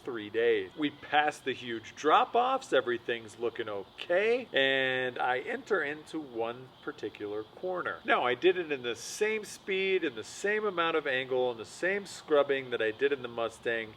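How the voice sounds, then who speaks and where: A man's voice: mid-range voice, big pitch swings, normal speed, few pauses, a bit bright, poor audio. Brief: young male vlogger, frank self-mocking storyteller, mid-range voice, faint hiss behind. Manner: casual, self-deprecating, frank. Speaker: vlogger, host of the show. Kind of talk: storytelling voice-over narration.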